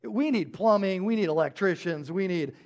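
A man preaching a sermon in a church, telling stories in a casual, animated way with lots of filler words. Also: high voice, normal speed. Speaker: pastor.

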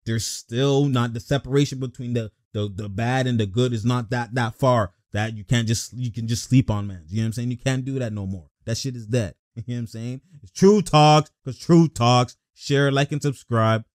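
A young man giving casual, excitable basketball reaction commentary, blunt and slangy, laughing often. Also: mid-range voice, normal speed, few pauses, no room sound, clean studio sound.

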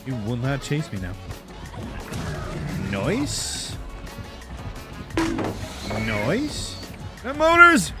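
Guy streaming a horror game, swears constantly, voice jumps all over the place, kinda high, game music going under him. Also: wildly swooping pitch, drawn-out words, pauses often. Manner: profane, loud outbursts and swearing. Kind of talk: live gameplay commentary.

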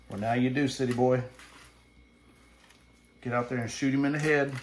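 With lively intonation and a medium pitch, a middle-aged Southern man narrates his home cooking vlog at normal speed, leaving long pauses. He's folksy, rambling and self-deprecating, starting in the kitchen before heading to his grill, with slight background noise.

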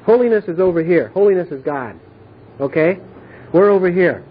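High-pitched and expressive with a breathy edge, a man moves at a moderate pace through an informal Bible study. He's earnest and repetitive, pausing often to ask whether his listeners understand. The recording sounds tinny, like a phone.

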